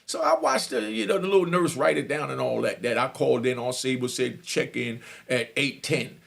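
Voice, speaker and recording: A middle-aged man telling a story in casual, animated speech, often asking listeners if they follow. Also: mid-range voice, brisk, creaky. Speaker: storyteller and channel host.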